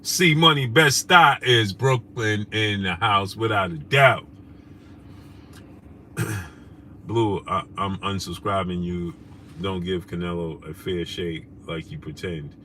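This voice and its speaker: A man from New with a bright, forceful voice hosts a loose live stream, greeting viewers by name in casual slang. A faint hum of noise sits behind him. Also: sits low, slow pace. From New York. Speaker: host. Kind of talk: casual live-stream chat, reading super chats.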